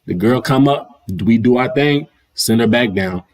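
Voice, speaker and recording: A slightly slow, somewhat mellow mid-range voice belongs to a young adult man hosting a livestream. His monologue is a casual, slang-filled rant that loops back over the same ideas, recorded through a livestream mic.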